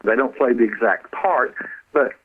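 A man's voice: medium pitch, slight background noise. Earnest man on a tinny phone line. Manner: earnest, halting, repeats words. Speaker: author and former counselor, guest. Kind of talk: radio interview over the phone.

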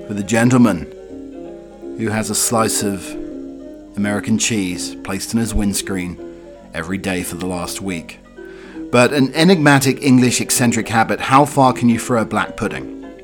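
A man with a cold hosting a podcast, reading odd news stories and drifting into rambling asides full of fillers. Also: fairly low pitch. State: has a cold. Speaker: podcast host.

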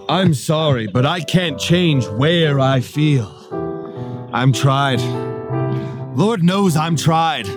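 A man's voice: on the high side, expressive, extremely slow, pauses often, music in the background. An actor playing a young man breaking up with his girlfriend in earnest soap-opera style, with broken grammar, in a comedy sketch clip.

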